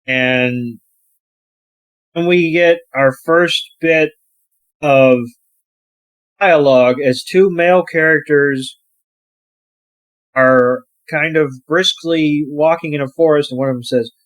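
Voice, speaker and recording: A man co-hosting a podcast who walks through a film scene by scene at an unhurried pace. He speaks a bit high, with frequent hesitant fillers. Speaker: podcast co-host. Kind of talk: casual movie recap.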